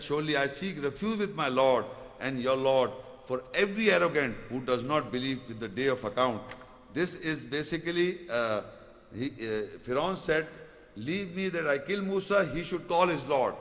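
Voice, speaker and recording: An Islamic preacher with a fairly high, slightly bright voice gives a Quran commentary lecture, reciting Arabic verses quickly before explaining them through repeated rhetorical questions. His voice trails off into a long reverb tail.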